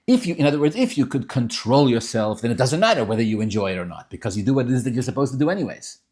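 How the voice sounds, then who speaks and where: A man giving an informal Torah class, talking in animated, emphatic bursts with frequent restarts and Yiddish and Hebrew terms mixed in. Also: medium pitch, racing. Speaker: rabbi teaching Tanya.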